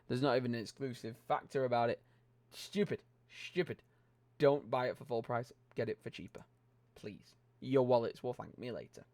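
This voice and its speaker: A man's voice: medium pitch, a little fast, darkish tone, dry recording. A young British man hosting a LEGO vlog, ranting bluntly about set prices and swearing casually into a close microphone. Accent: British English. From Britain. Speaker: LEGO channel host. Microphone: close desk microphone.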